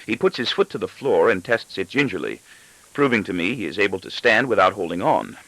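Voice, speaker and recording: A man narrating a novel aloud in the first person, with an expressive, brooding delivery. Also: fairly low pitch, brisk, no room sound, low-quality recording. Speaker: audiobook narrator.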